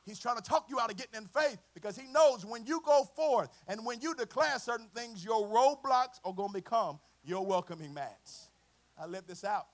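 A man preaching a sermon, swinging from a quiet storytelling voice to chanted, shouted climaxes. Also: very high-pitched, normal speed. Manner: chanting, shouted climaxes with congregational call and response; drops to a quiet conversational storytelling voice.

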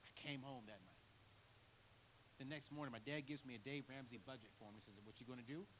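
A man preaching a sermon in church, telling his own story with big swings from quiet to near shouting. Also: mid-range voice, brisk, a little hiss or hum, poor audio. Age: 30s. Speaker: guest preacher. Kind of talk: sermon with personal testimony.

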